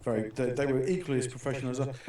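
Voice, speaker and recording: A man's voice: medium pitch, steady tone, very fast, warm tone, heavy reverb, recorded from a distance, slight background noise. A middle-aged British man hosting a casual talk show, telling stories in a rambling way with many restarts and fillers. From Britain. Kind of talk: casual chat.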